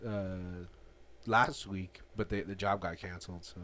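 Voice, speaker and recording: A man's voice: low-pitched, fairly even intonation, unhurried, fairly bright tone. A man co-hosting a podcast in casual chat, easygoing and agreeable, with many hesitant fillers. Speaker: podcast co-host.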